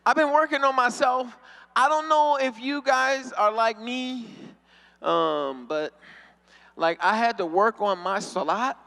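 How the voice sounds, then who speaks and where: A man's voice: very high-pitched, measured pace, creaky, pushed and bright, long reverb tail. A man doing a stand-up comedy routine, acting out the voices of people in his stories. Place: convention hall stage.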